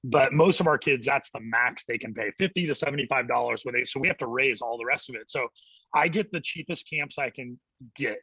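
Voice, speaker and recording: A middle-aged man, a youth ministry director, telling an animated story as a guest on a church interview show. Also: medium pitch, slightly rough, dry recording, low-quality recording. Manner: animated storyteller acting out quotes, quick laughs.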